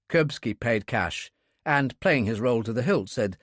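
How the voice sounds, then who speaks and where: In clean, dry studio sound, a medium-pitched male narrator reads a thriller audiobook from a script, keeping his storytelling steady and measured.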